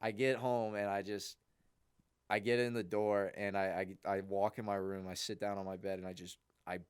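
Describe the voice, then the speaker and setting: A young man, a podcast co-host, telling a long, rambling story in a casual, animated way. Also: fairly low pitch, normal speed, clear, resonant tone, dry recording, studio quality.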